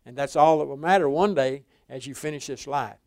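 Gravelly older man preaching folksy sermon. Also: medium pitch, fairly quick, a little mellow, no echo, clean studio sound. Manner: rambling storytelling with frequent restarts.

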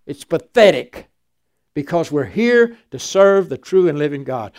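An older man preaching a sermon, swinging from loud emphatic declarations to quiet, folksy storytelling. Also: fairly high pitch, very animated, unhurried.

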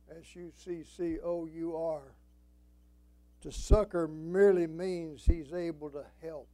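Older male preacher with a high voice. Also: dark tone, no echo, poor audio. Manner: folksy, emphatic preaching with scripture quotes. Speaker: pastor. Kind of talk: sermon.

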